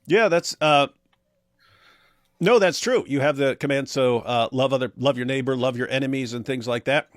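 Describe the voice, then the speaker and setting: A middle-aged man riffs sarcastically through viewer comments on a live stream. His pitch sits mid-range. The sound is dry and close, with no room echo. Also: moderate pace. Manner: sarcastic, mocks comments with exaggerated voices and laughs. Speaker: co-host of an apologetics talk stream.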